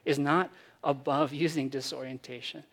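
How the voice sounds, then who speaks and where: A man preaching a sermon, animated, acting out quoted voices and swinging between loud emphasis and hushed lines. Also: medium pitch, moderate pace. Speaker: pastor.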